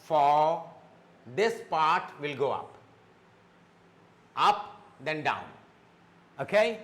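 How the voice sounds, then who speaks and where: Slow, lively-voiced teacher. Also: male voice, on the high side. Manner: slow, repeats words and says okay often; mixes Hindi explanations into English. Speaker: English teacher. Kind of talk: spoken English lesson.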